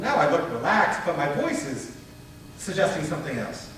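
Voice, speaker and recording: Male workshop presenter, slightly high voice, conversational and animated, heard from afar in a very echoey room. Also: moderate pace, distant mic, slight background noise. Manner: conversational, animated, demonstrates tones with his voice. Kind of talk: conference breakout talk. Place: conference room before an audience.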